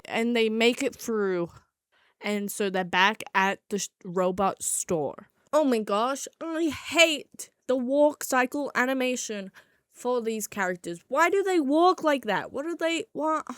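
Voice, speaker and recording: A young woman with a slight lisp recaps a movie in a sarcastic, exasperated, mocking way. Her voice sits a little high and sounds smooth and clear. It is recorded close and dry. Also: expressive, a little slow, a bit bright, no echo. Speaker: movie reviewer. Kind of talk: casual comedic movie recap.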